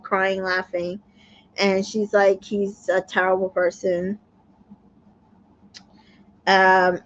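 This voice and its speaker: A woman's voice: on the high side, lo-fi sound. A woman hosting a casual reality TV recap, chatty, full of fillers and asides. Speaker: recap show host.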